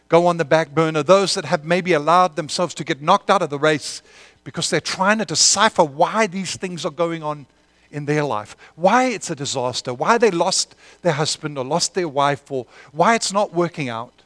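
A man preaching a sermon, moving between impassioned prayer and a quiet, earnest appeal to the congregation. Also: fairly high pitch, normal speed, dry recording. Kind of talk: sermon with prayer and altar call.

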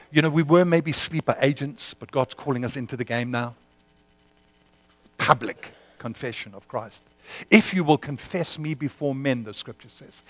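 A man's voice: medium pitch, no echo. Fervent male preacher, dry close sound. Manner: impassioned, rising to fervent prayer then quiet appeal. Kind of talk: sermon with prayer and altar call.

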